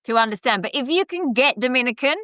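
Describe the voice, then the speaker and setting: A woman's voice: high voice, animated, fast talker, pushed and bright, dry recording. A middle-aged woman with a London accent, a podcast guest who talks in a chatty, reflective way with frequent restarts. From England. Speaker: guest, education center founder. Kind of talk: casual podcast interview.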